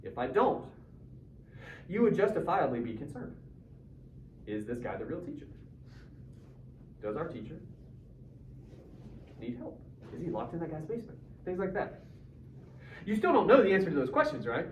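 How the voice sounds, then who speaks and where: A man's voice: on the high side, sing-song, moderate pace, long pauses. A male teacher leading a casual, joking class discussion and quizzing his students. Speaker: high school English teacher. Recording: roomy classroom from far off, dull, faint noise.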